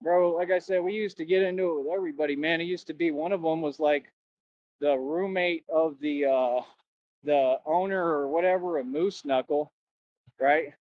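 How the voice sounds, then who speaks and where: A man's voice: a little high, moderate pace, no echo. A young man, a former bouncer, boasting and ranting in slangy, combative talk on a livestream. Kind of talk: rambling livestream rant. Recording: dull lo-fi dry stream audio.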